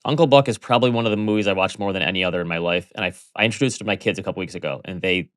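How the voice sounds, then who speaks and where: A lower-voiced man co-hosting a podcast speaks in an easygoing, chatty way. He gets enthusiastic when he talks about his favorites. The sound is dry and close on the mic. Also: very fast, a bit bright, no echo. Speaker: podcast co-host. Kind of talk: casual podcast chat.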